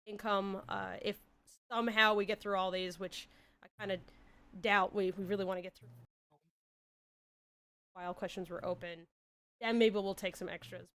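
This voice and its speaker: A woman's voice: medium pitch, a bit bright, smooth. A woman hosting a livestream panel, talking enthusiastically with fans and guests. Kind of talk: casual panel chat.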